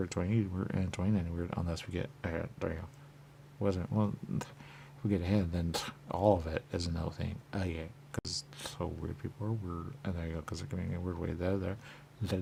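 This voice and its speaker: A very deep-voiced man with a gravelly, fry-filled voice rambles through a radio monologue. He repeats phrases over and over and jumps to sudden loud bursts. A faint hiss sits under his voice. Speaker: radio host. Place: radio studio.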